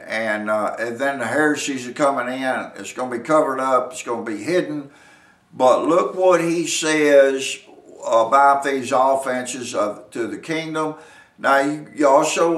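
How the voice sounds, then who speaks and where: A man preaching a sermon, slow and repetitive, calling out to his listeners and building from quiet to emphatic. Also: medium pitch. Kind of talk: sermon teaching. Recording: roomy echo, distant from mic.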